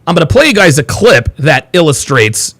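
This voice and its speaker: A man's voice: on the high side, normal speed, breathy edge. A man hosting a live stream, addressing his male audience in an emphatic monologue. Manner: animated, emphatic delivery to an audience. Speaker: host.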